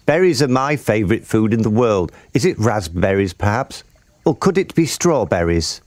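A man's voice: lowish voice, sing-song, moderate pace, darkish tone, dry recording, voice pushed up. A man voicing a cheerful roly-poly bird with a sing-song lilt. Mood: cheery.

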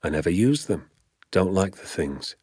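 A plotting, excitable father talks low and close, full of schemes, as a man reads him aloud. His lowish voice sits in a dry, close sound with no room around it. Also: moderate pace, breathy edge, dry recording. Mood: plain. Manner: conspiratorial, hushed then fervent. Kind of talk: audiobook character voice.

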